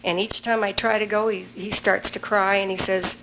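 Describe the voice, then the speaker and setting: A woman's voice: mid-range voice, little pitch movement, normal speed, background noise. An older woman from a seminar audience, speaking frankly and self-critically about her own life. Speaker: audience member.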